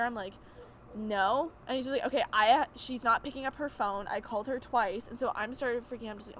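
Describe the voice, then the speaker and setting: A teenage girl telling a story on a casual podcast, with a voice pitched a touch high. She talks in an animated way and acts out what everyone said. A faint hiss sits under her voice. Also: a little fast. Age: late teens. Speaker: podcast guest. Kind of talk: casual chat.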